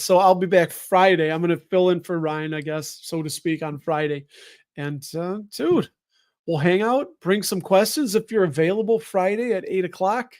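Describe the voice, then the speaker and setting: A middle-aged man hosting a casual live stream, rambling and thinking aloud, often breaking off mid-sentence. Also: on the high side.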